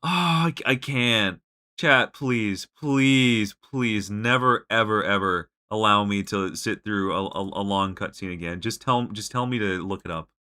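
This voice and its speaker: A man's voice: lowish voice, a little slow, hardly any pauses, sharp tone, smooth. A man livestreaming a game, talking to chat in an exasperated, emotional way, stammering and swearing. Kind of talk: casual live game commentary.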